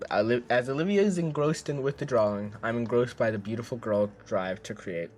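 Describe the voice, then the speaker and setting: A man's voice: medium pitch, a little fast, darkish tone, faint music behind. A man streaming, reading a visual novel aloud in a casual way, tripping over words and joking between lines.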